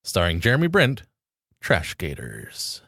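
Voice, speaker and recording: A man's voice: deep voice, huge pitch swings, measured pace, creaky, bright, forceful tone, no room sound, clean studio sound. A man hosting a comedy podcast, chatting casually and announcing the countdown. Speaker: podcast host. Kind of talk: casual chat, introducing segments.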